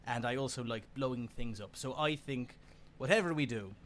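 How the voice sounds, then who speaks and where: A man's voice: medium pitch, moderate pace, fairly bright tone. Man, tabletop player, playful, self-mocking, faint background noise. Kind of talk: casual tabletop role-play chat.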